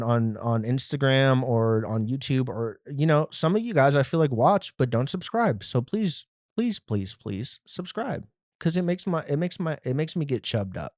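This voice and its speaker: A man's voice: medium pitch, darkish tone, no room sound, studio quality. A man hosting his own solo podcast, rambling loosely and laughing between thoughts, recorded on his phone. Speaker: podcast host. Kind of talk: casual solo podcast talk.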